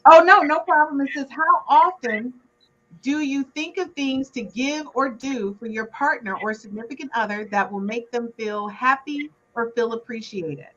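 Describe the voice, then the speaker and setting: A woman hosting a casual podcast game, briskly moving her guests along. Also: high voice, bright, forceful tone, muffled recording. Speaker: podcast host. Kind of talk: casual chat, game host.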